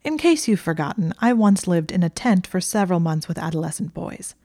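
A woman reading the part of an indignant, sharp-tongued young woman librarian, emphatic and exasperated. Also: fairly low pitch, lively intonation, fairly quick, no room sound, clean studio sound. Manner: exasperated, emphatic, rising to near shouts.

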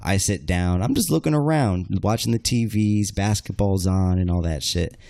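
A man's voice: low-pitched, moderate pace, warm tone, no echo, studio quality. A young man on a casual podcast, telling a crude story with lots of swearing and acting out the quoted lines.

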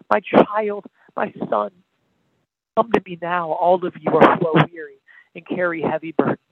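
A man's voice: high-pitched, dry recording. A man, an evangelist, preaching with impassioned, pleading, repetitive calls on a podcast. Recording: tinny phone-line sound, dry.

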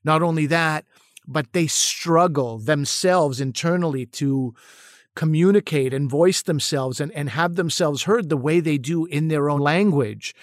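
A middle-aged man with a fairly high voice talks earnestly and with animation, circling back over his words as he thinks. The sound is dry and close, with no room behind him. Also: measured pace, dry recording. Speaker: podcast co-host and actor-comedian. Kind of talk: casual discussion.

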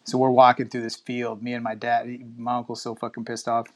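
A man in his thirties from Texas, telling a rambling, profane story in a loose, animated way and acting out the other people in it. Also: mid-range voice, a little fast. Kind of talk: casual storytelling.

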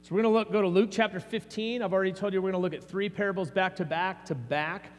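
A man preaching in a loose, conversational way, often restarting his sentences with small fillers. His voice sits a little high for a man. It rings out with a long reverb over a faint hum, as in a church sanctuary. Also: quick pace. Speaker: pastor. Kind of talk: sermon.

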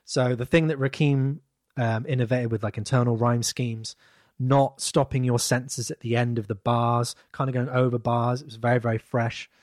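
An upbeat man chatting casually on a podcast and joking with his co-host. His pitch is average, and the recording is close and dry. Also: steady tone, moderate pace, a little mellow, dry recording. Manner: enthusiastic, joking. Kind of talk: casual chat.

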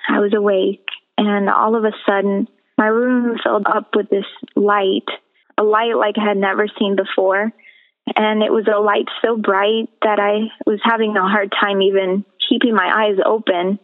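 Gravelly woman over a tinny phone line. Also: medium pitch, level tone. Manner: earnest, measured storytelling. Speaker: guest sharing her testimony. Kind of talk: personal testimony in a radio interview.

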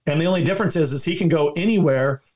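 A man's voice: fairly high pitch, fast, a little mellow. A man talking as a guest in an interview, giving emphatic partisan commentary full of restarts and repeated words. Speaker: political guest.

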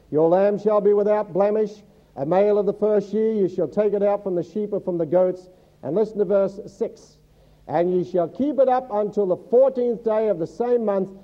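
A man preaching to a church congregation in a fairly high voice, teaching scripture and quizzing the listeners. He mixes the teaching with light, humorous asides. The recording sounds muffled and lo-fi. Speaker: pastor. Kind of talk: sermon. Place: church service before a congregation.

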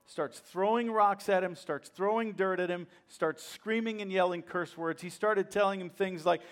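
Preaching a sermon in a high voice at normal speed, a male pastor dramatically retells a story, moving from quiet, hushed moments to loud, emphatic declarations.

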